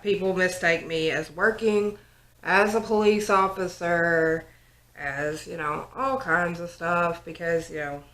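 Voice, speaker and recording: A woman's voice: lowish voice, sharp tone. A young woman telling a story in a casual get-ready-with-me chat while doing her makeup, with lots of likes and ums. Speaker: vlogger, 911 operator. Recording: roomy home recording.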